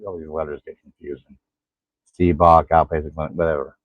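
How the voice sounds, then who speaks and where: A man in his forties telling his own story in a halting, tired way, pausing to catch his breath. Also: extremely low pitch, little pitch movement, dry recording. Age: 40s. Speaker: vlogger. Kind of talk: casual personal vlog. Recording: tinny phone-like sound.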